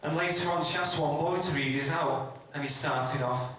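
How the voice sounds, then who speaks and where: A man's voice: on the high side, steady tone, moderate pace, hardly any pauses, sharp tone, a little hiss or hum. A man doing stand-up, telling one short family joke after another on stage. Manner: telling a string of mother-in-law and family jokes. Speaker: stand-up comedy contestant. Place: community hall stage. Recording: echoey hall from far off.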